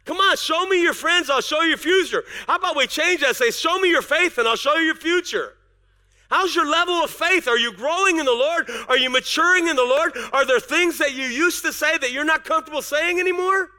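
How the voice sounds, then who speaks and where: Man, pastor, sermon, very high voice, bright tone, chatty preaching with quick restarts. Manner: conversational preaching with acted-out dialogue and laughter; repeats words in quick restarts.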